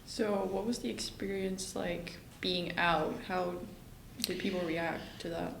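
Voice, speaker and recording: An interviewer asking short, soft-spoken questions in an oral history interview. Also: mid-range voice, little pitch movement, a little slow, gravelly, slight background noise. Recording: echoey room, off-mic.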